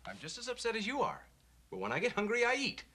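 An actor playing a young lawyer husband in a 1960s film comedy, dry and teasing. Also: male voice, sits high, wildly swooping pitch, fast talker, bright, forceful tone, slightly rough, heavily acted. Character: dry, unflappable young newlywed lawyer, man.

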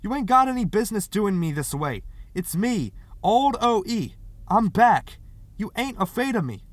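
Desperate rough working man who bellows and begs, pitched high and loud; a man acts him out. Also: animated, slow pace, no room sound. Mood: pleading. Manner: shouting, pleading through a door.

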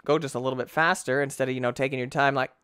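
A man giving goofy let's play commentary, talking to the game and bursting into shouts when things go wrong. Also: mid-range voice, steady tone, very fast, clean tone, no echo, clean studio sound.

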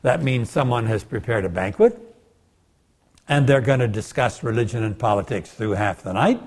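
A man's voice: medium pitch, animated, normal speed, darkish tone, husky. An older man giving a bible lecture as a guest speaker, telling the story with animation and acting out the voices of the people in it.

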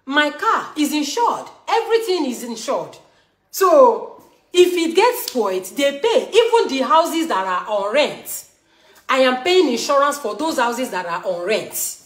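A woman from Edo State in Nigeria with a Nigerian English accent, talking heatedly and repetitively to her viewers as a show host. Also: sits high. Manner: emphatic, scolding, repetitive. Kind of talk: heated live talk to viewers. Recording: roomy echo.

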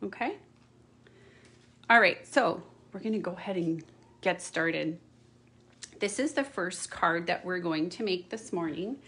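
A woman's voice: mid-range voice, a bit bright. A middle-aged woman chatting through a card-making tutorial, with apologetic asides and frequent "okay?" check-ins. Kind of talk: casual craft tutorial.

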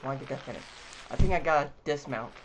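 A man's voice: medium pitch, very fast. A young man giving rambling let's-play commentary as a gaming YouTuber, swearing and yelping when he fails. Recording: loud background noise.

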